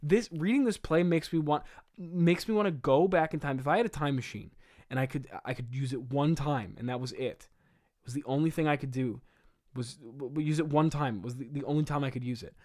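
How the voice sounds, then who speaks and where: A man's voice: a little high, brisk, a little mellow. A man in his twenties reading his own old play aloud, with exasperated, self-mocking commentary and frequent laughing.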